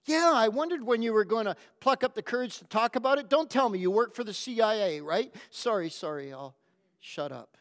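A man's voice: high-pitched, animated, fairly bright tone. A man voicing a young man in love who jokes nervously and rambles, heard in a long hall reverb. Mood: teasing. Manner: teasing, quick, rambling.

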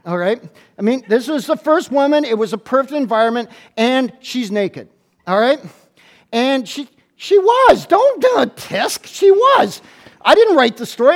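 Very high-voiced male pastor preaching. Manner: animated and playful, with stuttered restarts. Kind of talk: sermon. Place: church, speaking to a congregation.

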